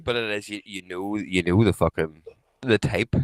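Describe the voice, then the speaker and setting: A Northern Irish man co-hosting a podcast, telling stories in sweary, animated casual chat. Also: lowish voice, moderate pace, no echo. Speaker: podcast co-host.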